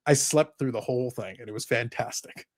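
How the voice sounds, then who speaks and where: A man's voice: medium pitch, fairly quick. A man hosting a live podcast, talking casually in a rambling, sarcastic, joking way. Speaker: podcast host.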